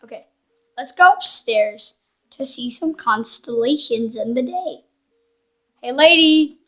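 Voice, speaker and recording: A woman with a high, expressive voice talks slowly, her tone a bit bright. She's a gaming channel host doing casual let's-play commentary, playfully and cheekily teasing the characters on screen as she plays.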